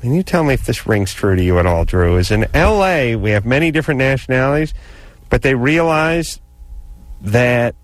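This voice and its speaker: A man's voice: medium pitch, lively intonation, normal speed, dry recording. A man co-hosting a late-night call-in radio show, chatting casually and telling rambling, sardonic stories.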